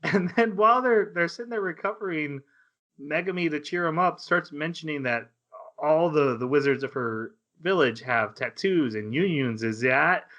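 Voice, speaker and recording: A man co-hosting a casual anime podcast, retelling scenes with quick voiced asides and laughter. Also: a little high, fairly bright tone. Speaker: podcast co-host.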